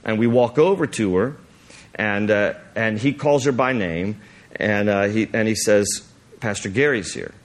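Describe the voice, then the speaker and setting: Animated man telling a sermon story. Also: a little slow. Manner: animated storyteller, acts out the scene, voice jumps high when excited; rambling with restarts and fillers. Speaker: pastor.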